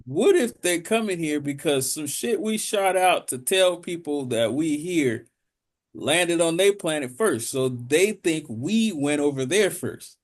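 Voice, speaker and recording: A man's voice: fairly high pitch, animated, unhurried. A man co-hosting a podcast, chatting casually and telling profane stories full of comic voices. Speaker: podcast co-host. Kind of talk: casual chat.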